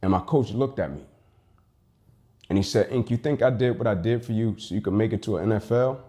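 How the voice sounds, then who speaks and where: A man's voice: on the low side, a little fast, warm tone. Emphatic man telling a life story. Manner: emphatic, acts out quoted dialogue. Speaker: motivational speaker. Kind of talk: personal storytelling speech.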